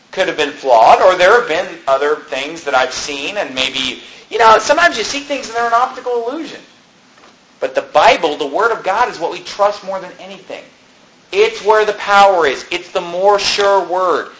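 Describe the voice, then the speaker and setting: A man preaching a sermon as pastor, animated and conversational, firing off rhetorical questions to his congregation. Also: high-pitched, roomy sound, rough recording. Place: church.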